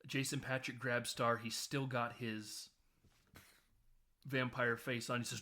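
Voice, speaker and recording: A man hosting a casual film podcast, recapping scenes with quick quoted voices. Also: medium pitch, flat delivery, bright, forceful tone. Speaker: podcast host.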